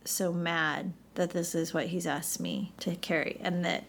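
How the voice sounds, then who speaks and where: A woman guest on a faith podcast, candidly telling her story with lively, acted-out quotes. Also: fairly low pitch, unhurried, creaky. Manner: animated storytelling, acts out quoted voices.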